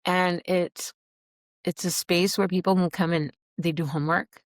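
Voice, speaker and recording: Middle-aged woman sharing her story on a podcast, kinda low voice, earnest and animated, dry close mic. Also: normal speed, dry recording. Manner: earnest, animated, acts out quoted dialogue. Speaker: podcast guest, recovery program alumna. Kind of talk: heartfelt personal storytelling.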